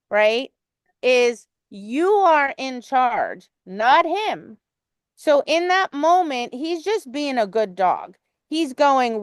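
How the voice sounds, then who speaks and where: Woman dog trainer, frank and forceful, swears easily; clear tone, close dry sound. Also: high voice, no room sound. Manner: blunt and emphatic, swears casually. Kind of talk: coaching a training session.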